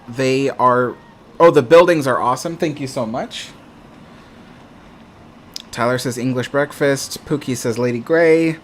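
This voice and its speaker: A man's voice: medium pitch, a little hiss or hum. Chatty man hosting a casual livestream. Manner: chatty, reads viewer comments aloud, many ums. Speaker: livestream host. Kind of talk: casual live chat.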